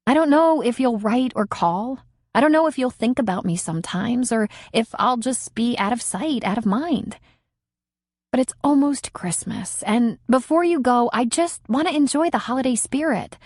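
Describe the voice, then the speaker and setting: A woman's voice: a little high, darkish tone, dry recording, clean studio sound, pitched above the performer's own voice. A woman voicing an eager, wistful young woman in love in an audiobook.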